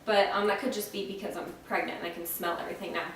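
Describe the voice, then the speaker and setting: A young woman from Florida chats frankly into a camera set back from her, filling pauses with ums and restarting her thoughts. She sounds dry-mouthed and slightly out of breath. The room is strongly echoey, with a faint hiss underneath. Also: on the low side, steady tone, a bit bright, recorded from a distance. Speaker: vlogger. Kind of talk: casual pregnancy update vlog. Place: at home, indoors.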